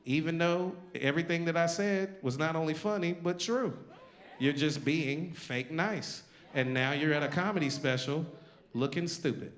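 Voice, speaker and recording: A man's voice: fairly high pitch, normal speed, a bit bright, a little hiss or hum. A male stand-up comedian performing a live set with a brash, punchy, conversational delivery. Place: live comedy venue with an audience.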